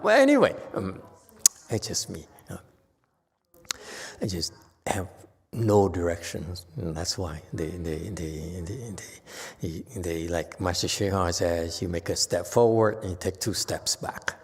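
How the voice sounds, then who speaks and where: A man with a Korean accent, a Zen master telling anecdotes in a dharma talk, with chuckles and halting restarts. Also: deep voice, expressive, creaky, a little mellow, husky. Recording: long hall reverb.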